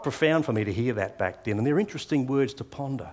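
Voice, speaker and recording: A man's voice: mid-range voice, animated, quick pace, a little mellow. A middle-aged man preaching a sermon, sharing personal testimony in an earnest, conversational way with frequent restarts.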